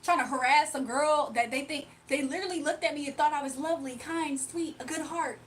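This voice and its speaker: High-voiced woman ranting on livestream. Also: fairly quick, fairly bright tone, recorded from a distance, a little hiss or hum, poor audio. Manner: blunt, repetitive rhetorical questions. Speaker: livestreamer reading cards for chat. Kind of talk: heated livestream rant to chat.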